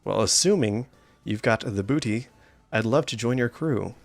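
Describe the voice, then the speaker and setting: A man's voice: medium pitch, gravelly, no echo, faint music behind, lightly acted. A man putting on a hammy pirate voice for a fox animatronic figure in a video game, stretching his words out. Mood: swaggering. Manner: drawn-out pirate accent, hammy.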